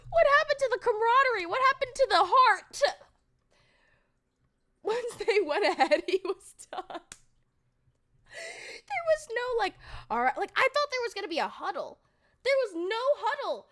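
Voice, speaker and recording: A woman's voice: very high-pitched, big pitch swings, moderate pace, pushed and bright. A young woman streamer recapping a game to her chat, telling the story with mock outrage, laughter and swearing.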